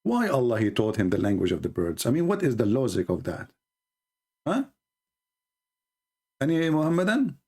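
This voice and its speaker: Male debate host, husky voice with lively swings in pitch, sarcastic and mocking, keeps throwing rhetorical questions. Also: moderate pace, pauses often. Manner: tosses rhetorical questions at listeners. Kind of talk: live online debate commentary.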